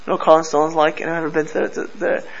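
A man's voice: on the high side, level tone, quick pace, gravelly, highs cut off. A man teaching a Torah class to a live group, telling stories animatedly and mixing Hebrew and Yiddish terms into his English.

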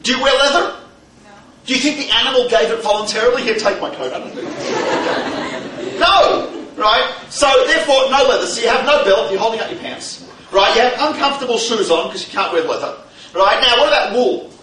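A man giving a humorous lecture to a live audience, animated and firing rhetorical questions at the room. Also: very high-pitched, normal speed. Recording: echoey hall, distant mic, faint noise.

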